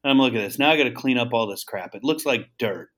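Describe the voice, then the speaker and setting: A man of middling pitch tells a long story as an interview guest. He talks about founding his seasoning brand. He acts out the voices of the people in it and often repeats or restarts words. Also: fast talker. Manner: animated storyteller acting out dialogue.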